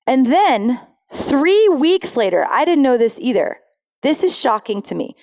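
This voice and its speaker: A woman's voice: sits high, very animated, a little slow, darkish tone. A woman pastor giving a sermon in a conversational way, reading scripture aloud and often correcting herself mid-sentence.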